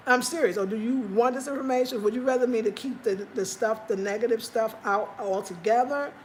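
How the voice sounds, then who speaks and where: A woman's voice: fairly quick, slight background noise. Chatty American woman telling stories. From United States. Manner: animated storytelling, acting out quotes in high cries; chatty, talks straight to viewers. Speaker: livestream host. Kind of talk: casual livestream chat.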